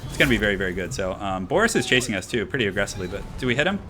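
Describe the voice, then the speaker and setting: A young man streaming a strategy game, commentating in a chatty, excitable, slangy way, tired and a little out of breath. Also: on the low side, racing, noisy background. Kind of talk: casual live-stream commentary.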